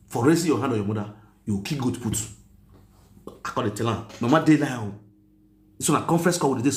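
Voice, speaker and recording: A man with a Nigerian accent telling a story in a casual, animated rant that mixes Pidgin and English, often asking if you understand. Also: mid-range voice, reverberant. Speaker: online commentator.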